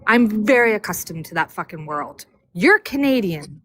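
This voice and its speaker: A woman from Florida arguing on a live-stream debate, combative and quick to curse and mock over an online call. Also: medium pitch, very animated, a bit bright. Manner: combative, cursing, mocking. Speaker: debate panelist.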